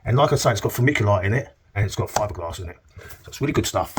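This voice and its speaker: Rapid-fire and lively in intonation, this middle-aged plasterer's low-side voice comes with a little hiss or hum. Indoors on a work site, he demonstrates cornice work in a chatty, joking way, checking in with "okay?"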